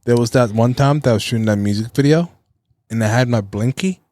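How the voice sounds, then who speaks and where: A man's voice: mid-range voice, a little fast, darkish tone, no room sound. A man co-hosting a casual podcast, cutting in with teasing jokes. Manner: teasing, joking interjections. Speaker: podcast co-host.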